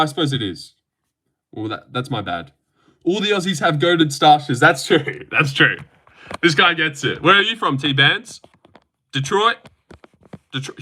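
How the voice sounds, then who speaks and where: Brash, bright-voiced young streamer guy. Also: a little high. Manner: brash and profane, banters with chat. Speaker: livestream host. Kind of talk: casual livestream chat reading comments.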